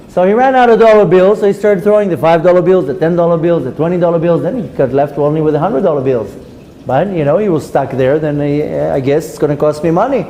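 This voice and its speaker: A man teaching a Torah class, a lively storyteller who acts out the characters in his stories. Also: high voice, a little fast, slight background noise, rough recording. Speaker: rabbi.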